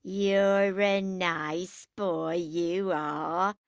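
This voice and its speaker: A woman doing a slow, drawling tipsy woman. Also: medium pitch, sing-song, no echo, full character voice. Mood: drowsy doting. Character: drunk, drowsy, clingy woman.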